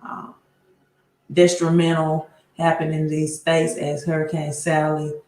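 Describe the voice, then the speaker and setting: A woman hosting a live stream, greeting viewers one by one and often tagging her phrases with "right?". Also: sits low. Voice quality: repeats place names, tags phrases with "right?". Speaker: livestream host. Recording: roomy echo.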